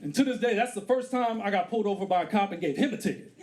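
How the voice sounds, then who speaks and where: On a comedy theater stage before a live audience, a man in his thirties does stand-up, acting out characters with big voice swings. His voice is high-pitched, expressive and very fast, and the live club recording is very noisy with audience laughter.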